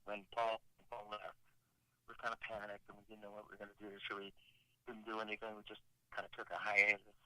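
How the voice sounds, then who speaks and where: A man's voice: on the low side, completely flat delivery, fast, sharp tone, rough recording. A man, a rock singer calling in as a guest, telling stories in a rambling way with many restarts and asides. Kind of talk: casual interview storytelling.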